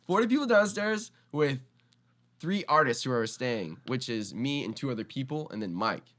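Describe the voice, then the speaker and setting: A young man, a skateboarder guest on a podcast, telling a story casually and acting out the quoted lines in loud, animated voices. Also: mid-range voice, moderate pace.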